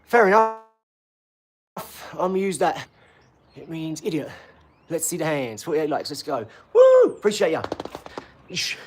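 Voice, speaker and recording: A man's voice: on the high side, lively intonation, moderate pace, pauses often. A middle-aged British man hosting a casual boxing livestream, rambling bluntly, swearing freely and talking to his viewers. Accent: British English.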